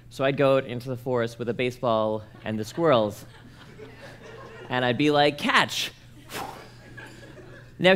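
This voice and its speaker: A man's voice: mid-range voice, clean tone. A young man from Canada telling a personal story to an audience, acting out the voices of the people in it. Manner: animated, acts out quoted voices. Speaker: speaker at a church conference.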